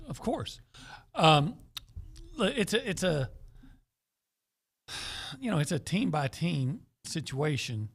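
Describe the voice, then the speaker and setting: A man co-hosting a casual sports talk radio show, hedging and thinking out loud as he answers. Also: a little high, big pitch swings, slow pace, pauses often, slightly rough. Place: radio studio.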